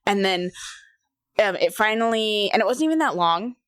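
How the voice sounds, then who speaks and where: A woman's voice: medium pitch, animated, normal speed, a bit bright, clear, resonant tone, no echo, studio quality. A woman in her thirties co-hosting a podcast, candidly telling a personal story and acting out what people said to her. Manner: candid personal storytelling, acts out quoted voices. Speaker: podcast co-host. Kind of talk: casual chat.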